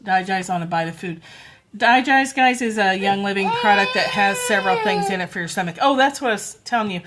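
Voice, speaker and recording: A middle-aged woman chatting casually on a phone livestream at home, talking softly and cooing now and then to toddlers. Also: mid-range voice, a little fast, background noise. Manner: chatty, soft, coos to toddlers. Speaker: livestream host.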